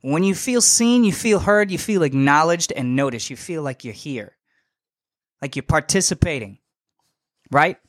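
A young man hosting a podcast, telling a story in a casual, animated and slangy way, emphatic and full of asides. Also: fairly high pitch, moderate pace, no echo, studio quality. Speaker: podcast host.

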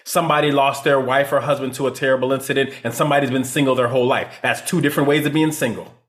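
A man's voice: medium pitch, steady tone, rapid-fire, a bit bright. A man who is a leadership consultant, speaking as an interview guest with emphatic points and frequent "right?" tags. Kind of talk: interview answers.

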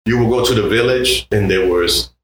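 Puerto Rican man telling stories in a roomy space. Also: moderate pace. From Puerto Rico. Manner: animated, acts out other people's voices in high tones. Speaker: guest musician. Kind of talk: casual storytelling interview. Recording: roomy with faint background noise.

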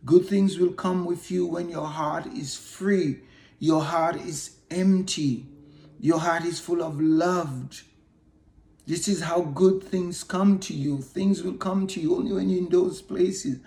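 Male podcast host, 50s, mellow higher voice, earnest motivational monologue, echoey room. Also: vocal fry. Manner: earnest, repetitive, halting restarts.

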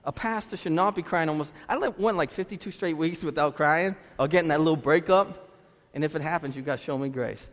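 A male pastor preaching with an earnest, conversational manner, his fairly high voice carrying through a church hall with a long, lingering echo. He swings between loud exhortation and soft, confessional moments. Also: a little fast. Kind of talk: sermon. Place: church sanctuary.

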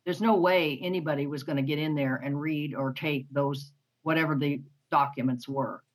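Low-voiced, emphatic woman talking politics. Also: fairly even intonation, normal speed, rough recording. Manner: emphatic, indignant. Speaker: podcast co-host. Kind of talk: casual political discussion.

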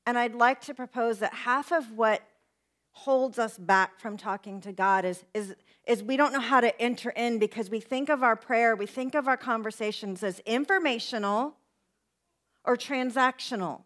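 A woman with a high voice preaching in a relaxed, conversational way. She acts out the prayers she quotes and often drops to soft, hushed lines. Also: moderate pace. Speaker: pastor. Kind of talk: sermon.

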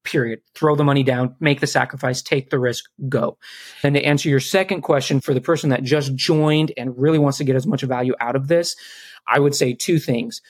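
A man's voice: mid-range voice, steady tone, brisk, no room sound. A man from South Carolina, a guest on a podcast, earnestly giving step-by-step advice. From South Carolina, USA. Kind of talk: casual podcast interview.

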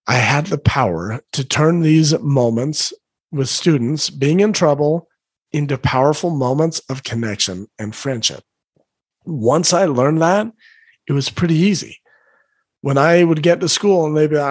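Middle-aged man, parenting coach, earnest and encouraging, slightly higher voice, husky, dry close sound. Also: moderate pace, no room sound. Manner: earnest, encouraging, acts out his own inner thoughts. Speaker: parenting coach, former school principal. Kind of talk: motivational talk to parents.

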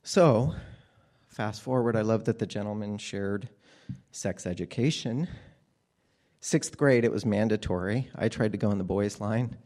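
A man's voice: fairly low pitch, unhurried, darkish tone. A man telling a candid personal story to an audience from a stage, plainspoken and wry. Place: stage under bright lights.

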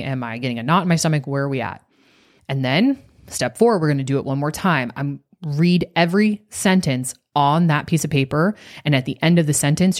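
Woman, podcast coach, low voice, animated storyteller, acts out quotes.

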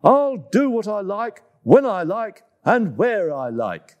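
A rude little female monkey in a storybook shouts her defiance, high and swooping. Her words come slowly and stretched out, with a man voicing her. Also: very animated, heavily acted. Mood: defiant.

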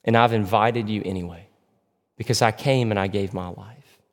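A man's voice: fairly low pitch, steady tone, moderate pace. Male pastor preaching in a reverberant hall. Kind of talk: sermon.

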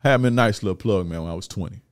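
A man's voice: low voice, very fast, dry recording, studio quality. A man, hosting a show and ranting bluntly in profane street slang. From Florida, USA. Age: 30s. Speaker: host giving life advice to men. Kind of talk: casual ranting monologue.

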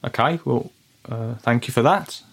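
A man hosting a comic podcast, talking in a deadpan, hesitant, rambling way. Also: medium pitch, measured pace, vocal fry, breathy edge. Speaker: podcast host.

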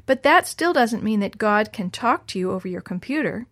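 A woman's voice: mid-range voice, animated, normal speed, fairly bright tone. A woman voicing a stubborn, doubting schoolgirl who argues insistently. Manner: insistent, arguing.

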